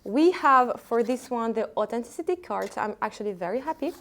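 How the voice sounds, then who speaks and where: Woman, French accent, non-native English, slightly high voice, chatty and hesitant. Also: expressive, brisk, fairly bright tone. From France. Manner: chatty, hesitant, many fillers and restarts. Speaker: vlogger selling secondhand luxury bags. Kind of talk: casual product showcase.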